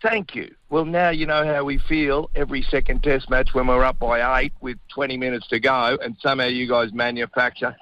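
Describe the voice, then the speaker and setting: A man's voice: medium pitch, level tone, moderate pace, few pauses. Man, Australian accent, middle-aged, blokey sports banter, muffled remote line. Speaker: radio guest, former rugby player. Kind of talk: casual sports chat.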